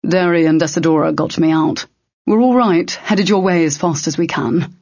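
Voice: medium pitch, moderate pace, a little mellow, lightly acted. A narrator voicing a tender, worried young man. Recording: dull, slightly lo-fi dry recording.

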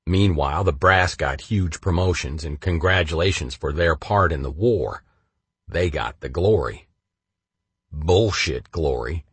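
A man narrating his memoir in the first person, blunt and profane, swinging between flat and heated. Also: very deep voice, normal speed, husky, dry recording.

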